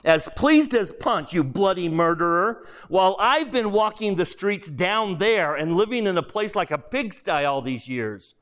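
A man voicing a bullish, indignant male ghost who complains loudly, during a reading in a sermon. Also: high voice, expressive, measured pace, hardly any pauses.

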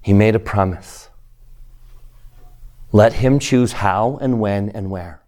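A man's voice: lowish voice, takes it slowly, a little mellow. A man teaching a scripture class, earnest and pleading, often asking the students questions. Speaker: religion teacher.

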